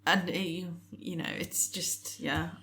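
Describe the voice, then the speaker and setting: Teary, halting woman co-host. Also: fairly low pitch, level tone, pushed and bright. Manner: emotional, teary, halting with many fillers. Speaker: podcast co-host. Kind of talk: casual chat.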